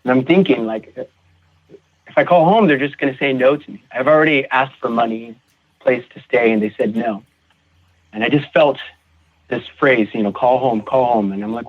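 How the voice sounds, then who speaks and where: A man guest on a recovery podcast, telling his personal story in a halting way, repeating words and acting out what others said. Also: mid-range voice. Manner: halting, repeats words, acts out quoted voices. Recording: tinny phone-like audio.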